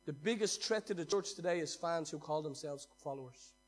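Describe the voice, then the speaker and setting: A pastor delivers a fired-up sermon in a somewhat high-pitched voice. He swings between loud exhortation and quiet, intimate asides. When he gets worked up, he stumbles and repeats his words. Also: a little fast, faint music behind.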